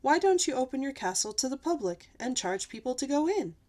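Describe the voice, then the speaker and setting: A kind young princess from a children's storybook, helpful and bright, read by a woman in a high, gentle voice with a concerned tone. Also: very animated, a little fast. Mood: caring.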